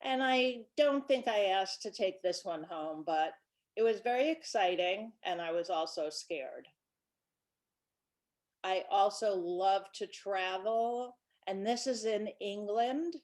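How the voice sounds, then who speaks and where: A woman in her sixties, a children's book author, chatting through stories from her life in a relaxed presentation. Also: medium pitch, takes it slowly. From Brooklyn, New York. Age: 60s. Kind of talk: casual storytelling presentation.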